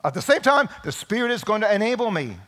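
A man preaching a Sunday sermon in a church, emphatic, with sudden loud peaks. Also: sits high, very animated, quick pace. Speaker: pastor.

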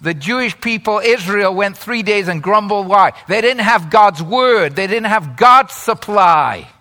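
Guy preaching slow and chatty, high bright voice, keeps laughing and asking the crowd stuff. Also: expressive. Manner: conversational, often laughing, asks the congregation questions. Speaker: pastor. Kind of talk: sermon.

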